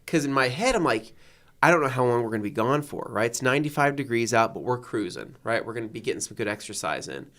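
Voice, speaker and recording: A man's voice: mid-range voice, lively intonation, quick pace, a bit bright. A man in his thirties, a podcast co-host, telling a story in casual chat and acting out his own reactions.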